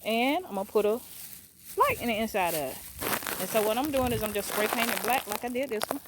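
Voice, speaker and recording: A middle-aged woman vlogging casually from her dining room at home, talking fast and chatty to her viewers. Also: on the high side, expressive, heavy background noise. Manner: fast-talking, chatty, says y'all a lot. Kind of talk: casual vlog chat.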